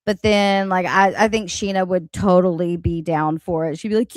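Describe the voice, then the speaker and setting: A woman's voice: fairly low pitch, fairly even intonation, moderate pace, hardly any pauses, no room sound. A woman hosting a casual livestream, ranting bluntly with lots of swearing and laughter, reading out chat comments. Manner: profane, blunt, laughing often. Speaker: livestream host. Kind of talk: casual live-stream rant.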